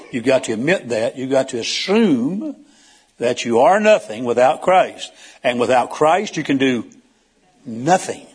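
A man preaching a sermon in a husky, slightly rough voice at an ordinary pitch. He talks in a folksy, conversational way, tells a joke, and asks the congregation questions. He swings from loud emphatic peaks to low, quiet asides.

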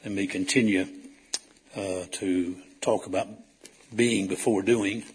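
A man's voice: low voice, steady tone, slow pace, husky. A man preaching a sermon to his congregation in a folksy, storytelling way that rises to emphatic calls.

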